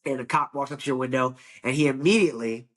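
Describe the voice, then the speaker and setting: A man's voice: medium pitch, fast talker. A young man from Ohio, a wrestling coach, talking earnestly in a casual podcast chat, often repeating words and swearing freely. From Ohio, United States.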